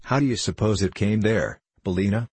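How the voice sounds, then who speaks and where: A man with a low, husky voice reading the lines of an earnest, prim young farm girl in an audiobook story. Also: brisk, a little mellow, no echo.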